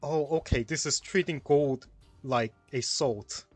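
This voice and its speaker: Male co-commentator, mid-pitched, hesitant, explains with stops and restarts. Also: unhurried, no room sound, faint music behind. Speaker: tournament stream co-commentator. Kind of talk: casual puzzle-solution commentary.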